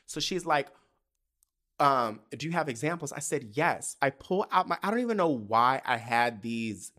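A man's voice: mid-range voice, animated, normal speed, bright, forceful tone. A young man talking through his own memories on a casual podcast. He is candid and profane, and he gets emotional as he talks. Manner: candid, profane, emotional, often tearful and laughing. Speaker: podcast host. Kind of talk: casual solo podcast storytelling.

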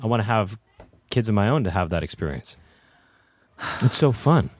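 A young man chatting as a podcast guest, teasing and deadpan, with slow pauses, in a studio. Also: lowish voice, breathy edge, dry recording. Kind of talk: joking casual chat. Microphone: studio mic.

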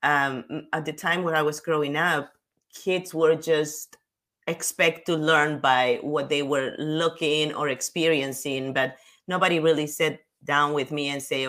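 A woman in her fifties from Peru talks as a podcast guest, her first phrasing plain in her English. She is sick, so her voice comes out rough and very low. She giggles easily between her answers. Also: steady tone, measured pace. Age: 50s. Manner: warm, giggly, speaks in simple phrasing. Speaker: guest, author and coach. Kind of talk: casual interview chat.

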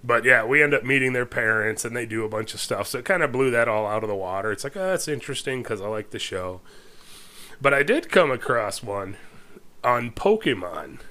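A middle-aged man co-hosting a podcast with a bright, forward tone that sits at an ordinary pitch. He talks in a loose, laid-back drawl, trailing off and groaning between thoughts. The chat is easy and unhurried. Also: animated. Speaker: podcast co-host. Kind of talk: casual chat.

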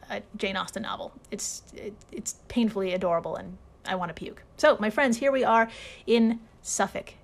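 A woman hosting a casual storytelling podcast, sarcastic, swearing freely and laughing often. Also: on the high side. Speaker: podcast host.

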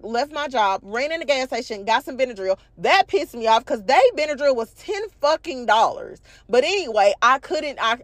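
A young woman, congested from allergies, telling a profane, animated story to her viewers and calling them y'all. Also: on the high side, no echo. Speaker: vlog host. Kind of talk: casual storytelling rant.

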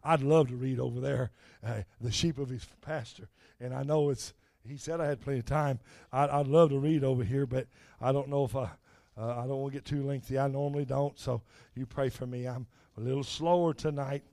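An older man preaching a sermon, moving from soft, low talk to shouted, high-pitched preaching punctuated with "uh, amen". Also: steady tone, a little fast, creaky, hardly any pauses, no room sound, studio quality.

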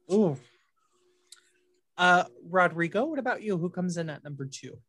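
A man's voice: sits high, expressive, slow, a bit bright. A man hosting a casual podcast chat, laughing often and moving things along with questions for his co-hosts. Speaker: podcast host.

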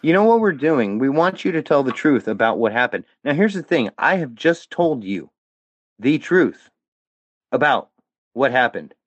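A man's voice: mid-range voice, very animated, moderate pace, no echo, muffled recording. A man on a heated, profane, defiant rant as a podcast guest. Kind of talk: angry rant.

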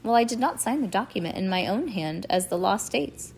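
A woman's voice: mid-range voice, lively intonation, a little fast, creaky, husky. A woman voicing a clever, testy teenage girl in a read-aloud storybook, speaking firmly. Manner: firm and testy.

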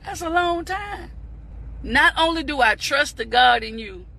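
A woman giving an impassioned motivational talk on a live stream, repeating phrases and breaking into shouts. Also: sits high, animated, a little slow, gravelly. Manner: fervent, preachy, repeats phrases, bursts into shouts; addresses viewers as "beautiful people".

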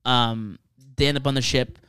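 A man in casual conversation, recapping a comic story in a relaxed, halting way with lots of filler words. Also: medium pitch, clear, resonant tone. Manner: easygoing, hesitant recaps with many ums and likes. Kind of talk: casual comic-book discussion.

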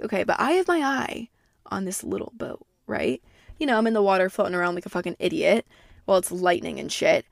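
A woman's voice: mid-range voice, creaky, a bit bright, dry recording, clean studio sound. A young woman in her twenties, a podcast host, telling a story in a brash, profane, gossipy way and acting out what people said. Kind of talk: casual storytelling monologue.

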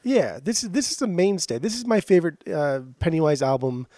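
A man's voice: fairly high pitch, big pitch swings, brisk, dark tone, no room sound. A man co-hosting a music podcast, ribbing his friend in casual, profane banter full of laughter. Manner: teasing, profane, laughs a lot. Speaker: podcast co-host. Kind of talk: casual chat.

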